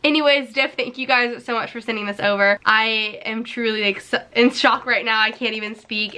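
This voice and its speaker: A woman vlogger unboxing packages in a gushing, excitable, chatty way, full of slang. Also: fairly high pitch, a little hiss or hum. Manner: gushing, excitable, breathless delight. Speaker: beauty vlogger. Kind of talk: casual unboxing vlog.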